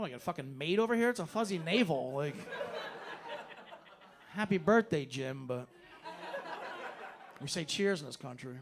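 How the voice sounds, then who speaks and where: A man's voice: high voice, very animated, a little fast, pauses often, a bit bright, some chatter behind, a little hiss or hum. A man doing a stand-up set in a club, ranting sarcastically and swearing freely. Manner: loose, profane, sarcastic ranting. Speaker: stand-up comedian. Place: comedy club stage.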